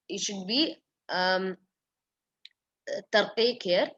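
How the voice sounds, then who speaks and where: A woman teaching a live online recitation lesson, repeating words slowly and correcting pronunciation step by step. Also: mid-range voice, fairly even intonation. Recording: dull lo-fi stream audio.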